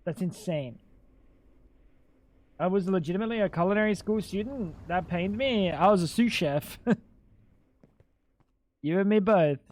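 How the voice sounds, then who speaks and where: A man's voice: high-pitched, unhurried, pauses often, darkish tone. A young adult man streaming live, chatting casually with crude jokes and swearing, sounding incredulous.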